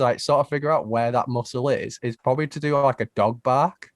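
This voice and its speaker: Laughing storyteller host, dry sound. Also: male voice, mid-range voice, brisk, no echo. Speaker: podcast host. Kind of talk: casual storytelling.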